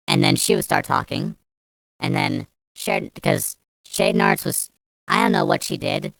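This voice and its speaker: Over soft background music, a young woman with a low voice tells a storytime rant at a moderate pace. Her vlog is angry and profane, rambling with restarts, with no room sound.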